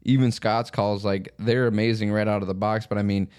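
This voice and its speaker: A man's voice: on the low side, level tone, brisk, darkish tone, smooth. A man hosting a podcast, asking long, loose questions filled with "like". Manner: loose questions full of "like", laughs often. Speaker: podcast host. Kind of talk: casual interview.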